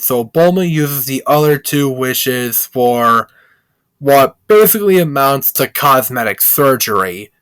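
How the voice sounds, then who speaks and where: A man's voice: medium pitch, smooth, no room sound. A man reviewing a film in a casual, rambling plot recap, heavy with filler words.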